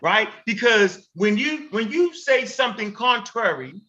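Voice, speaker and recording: A high, bright-voiced man rants through heated commentary as the host, stacking up repeats and profanity as he presses each point. The sound is dull and lo-fi. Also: measured pace. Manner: animated, repetitive, emphatic and profane. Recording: dull lo-fi recording.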